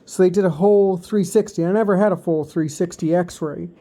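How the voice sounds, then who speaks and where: A man's voice: high voice, steady tone, brisk, warm tone. A man telling a personal story to his subscribers in a loose, rambling way, full of ums and restarts. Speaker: vlogger. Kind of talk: casual storytime vlog.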